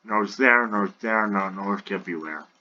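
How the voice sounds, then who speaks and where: A man narrating an improvised role-play story, halting and restarting often. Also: on the low side, pushed and bright, highs cut off.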